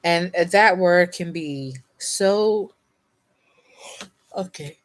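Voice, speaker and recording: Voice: medium pitch, very slow. A tarot reader doing a casual reading to camera, yawning and sleepy, rambling with fillers and small laughs, and sometimes reading card meanings aloud from a guidebook.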